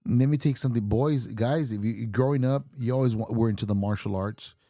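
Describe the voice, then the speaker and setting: A man's voice: mid-range voice, fairly quick, warm tone, no echo, clean studio sound. A man in his fifties hosting a podcast, delivering a blunt, swear-filled rant and laughing at his own points. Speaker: podcast host. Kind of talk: profane ranting monologue.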